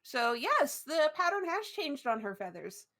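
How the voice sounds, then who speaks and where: A woman's voice: high voice, big pitch swings, a little slow, a bit bright. A woman playing a tabletop role-play game, chatty and rambling with frequent laughs.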